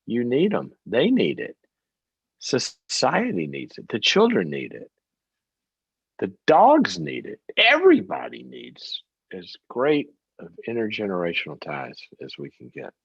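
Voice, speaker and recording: An animated man hosting a call-in advice show. His voice swings widely as he leans on words and repeats them for emphasis. The sound is dry and a little dull. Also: mid-range voice, unhurried, gravelly, husky, dry recording. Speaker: host.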